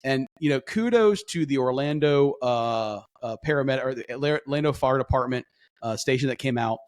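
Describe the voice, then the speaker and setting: A middle-aged man telling a long story on a podcast, animated and full of restarts. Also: medium pitch, normal speed. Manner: animated, acts out quoted voices, rambling restarts. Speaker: podcast co-host. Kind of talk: casual storytelling chat.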